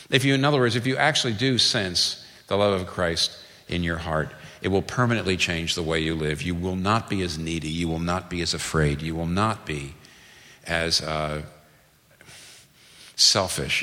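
A man's voice: fairly low pitch, sharp tone. A man preaching a sermon earnestly and emphatically, often restarting his phrases as he builds a point. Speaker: pastor. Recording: long reverb of a large hall.

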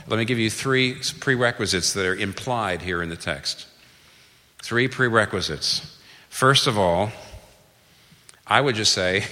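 A man preaches to a congregation, earnest and emphatic, restarting phrases as he presses his point. His voice is somewhat low yet bright and forceful. The sound carries the long reverb of a large hall. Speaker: pastor. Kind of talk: sermon.

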